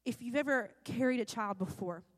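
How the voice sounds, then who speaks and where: A woman's voice: a little high, normal speed, long reverb tail. A woman preaching a sermon and reading scripture aloud, driving points home by repeating phrases. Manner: emphatic, repeating phrases for weight.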